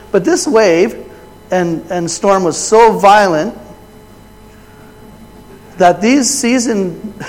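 A man preaching a sermon and retelling a Bible story. He swings between loud, raised quoted lines and quiet, low asides. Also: a little hiss or hum. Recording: long hall reverb.

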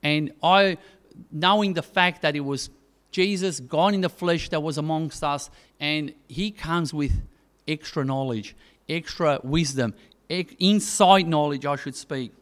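A man preaching a sermon, telling a story with many pauses and fillers. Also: a little high, fairly bright tone.

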